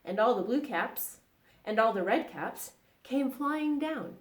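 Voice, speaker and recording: A woman reads a storybook to children at an unhurried pace, her voice swooping up and down with lively expression. She keeps asking her young listeners questions. The recording has an echoey room sound. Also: on the high side. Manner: animated, asks children questions. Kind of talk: children's story read-aloud.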